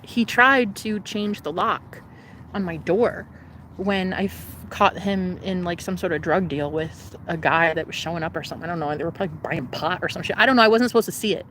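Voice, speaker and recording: Animated, profane young woman storyteller. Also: on the low side, fairly quick, slight background noise. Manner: animated, profane, jumps between voices. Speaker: vlogger telling a personal story. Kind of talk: casual storytime.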